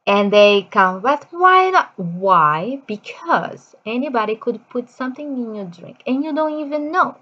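A woman talking casually about her teenage daughter, in non-native English, animated and acting out her children's shouting. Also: fairly high pitch, measured pace, hardly any pauses, muffled recording. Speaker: parent of a teenager. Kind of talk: casual chat.

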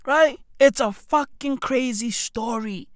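A woman's voice: a little high, takes it slowly, no echo. A woman hosting a podcast, ranting in a profane, repetitive way, close to the mic. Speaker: podcast host.

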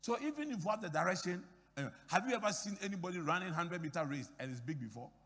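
A man's voice: high voice, animated, fast talker, fairly bright tone, long reverb tail. A middle-aged man from Ghana preaching a sermon as pastor, emphatic, repeating key phrases and acting out dialogue in his stories.

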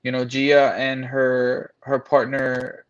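A man's voice: medium pitch, completely flat delivery, takes it slowly, smooth, lo-fi sound. A man frankly telling a personal story, blunt and profane, acting out what others said. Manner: frank, profane, acts out quoted voices.

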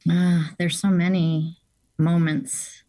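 A woman's voice: lowish voice, little pitch movement, slow, dark tone, no room sound. A woman guest in a casual interview, speaking in an earnest, enthusiastic way. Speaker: guest, seminary staff member.

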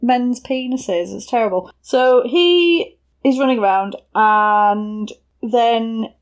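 A woman's voice: on the high side, takes it slowly, clean tone. A woman in casual chat, recapping a film with giggles and silly voices for the people in it. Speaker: podcast co-host.

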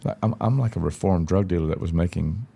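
Casually telling stories on a podcast, a country singer curses freely, speaks bluntly and acts out what people said. His low-pitched voice is warm yet slightly rough, with vocal fry and a fast pace.

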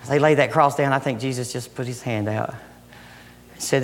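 A middle-aged man preaching a sermon with passion, swinging from loud emphatic lines down to soft, hushed ones. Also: mid-range voice, fairly even intonation, brisk, a little hiss or hum. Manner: impassioned, rising and falling between loud emphasis and soft near-whispers. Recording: long hall reverb.

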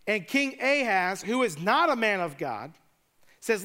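A man's voice: high-pitched, sing-song, unhurried, pushed and bright. A man preaching a sermon, retelling scripture in a casual, joking way with conversational asides. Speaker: pastor.

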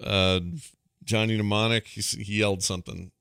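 A man's voice: fairly low pitch, little pitch movement, fairly quick, creaky, fairly bright tone, clean tone, dry recording, studio quality. A man hosting a casual film podcast, joking and playing movie clips for his co-hosts. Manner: plays clips and jokes. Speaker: podcast host. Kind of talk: casual chat.

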